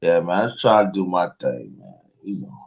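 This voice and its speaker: A man's voice: deep voice, animated, fairly quick, creaky, dull audio. A man joining a casual sports chat as a guest, giving short laid-back replies. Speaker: guest show host.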